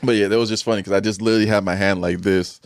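Young male podcast host, very low voice, laid-back and slangy, laughs easily, dry close mic. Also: steady tone, racing, clean tone, no room sound. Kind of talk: casual podcast chat.

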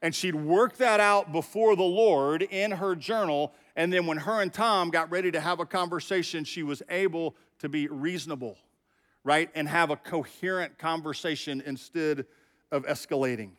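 A man's voice: a little high, normal speed, a bit bright, in a large hall. A middle-aged man preaching a sermon as pastor, talking conversationally and directly to his congregation. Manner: conversational, talks straight to the congregation.

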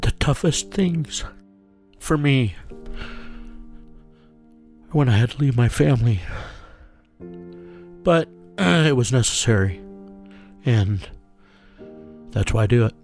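A man who is a guest in an interview, telling a personal story in an earnest, plain-spoken way and slowing down on emotional moments. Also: mid-range voice, lively intonation, a little mellow, faint music behind.

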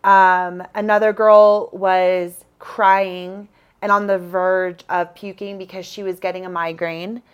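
A woman's voice: medium pitch, level tone, slow, smooth. A young adult woman co-hosting a podcast, telling a story in a casual chat, getting emotional, laughing and tearing up as she talks. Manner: emotional, breaks into laughter and tears while retelling. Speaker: podcast co-host.

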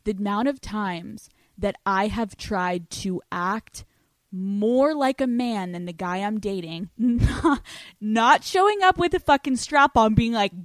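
A young adult woman hosting a podcast, giving blunt, profane dating advice in a casual, animated monologue. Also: medium pitch, measured pace, no echo. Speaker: podcast host.

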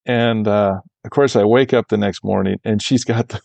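A man with a low, gravelly voice tells a long travel story in a relaxed interview, full of restarts and asides. He brightens whenever he quotes the people he met. The sound is dry and close. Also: normal speed, no room sound. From Michigan, USA. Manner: rambling, animated when quoting others. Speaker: golf course architect guest.

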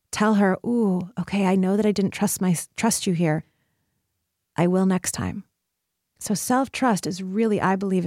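A woman's voice: mid-range voice, no room sound, studio quality. A woman hosting a solo podcast episode, talking in an earnest, encouraging way and acting out inner voices in quoted lines. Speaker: podcast host.

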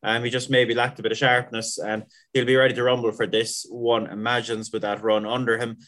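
A man's voice: medium pitch, flat delivery, a little fast, a bit bright. A man giving laid-back racing tips on a podcast. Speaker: racing pundit. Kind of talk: casual racing analysis.

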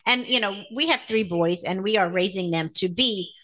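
A woman's voice: mid-range voice, normal speed, fairly bright tone. A middle-aged woman co-hosting a relationship talk show, asking questions in a supportive way. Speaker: podcast co-host.

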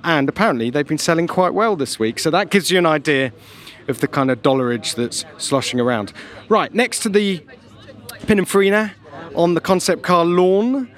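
A man presenting a walkaround at an outdoor car show, chatty with self-deprecating asides. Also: a little high. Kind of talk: walkaround commentary.

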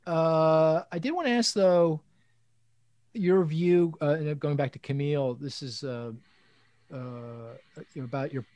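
A man talking as an interview host, telling stories with lots of restarts and quick asides. His voice sits in a middle pitch and is recorded dry and close, with no room sound. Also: dry recording. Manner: animated storytelling, frequent restarts and laughs. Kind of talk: casual interview chat.

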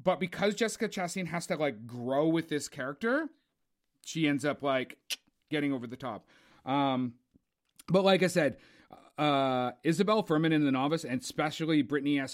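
Chatty man with a higher voice. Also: normal speed. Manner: rambling, filler-heavy, enthusiastic. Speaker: co-host. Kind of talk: casual film awards chat.

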